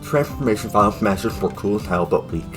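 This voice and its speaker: Low-voiced man with sarcastic asides. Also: expressive, quick pace, music in the background. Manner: offhand and sarcastic, with joking asides. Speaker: YouTube reviewer. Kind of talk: casual video review narration.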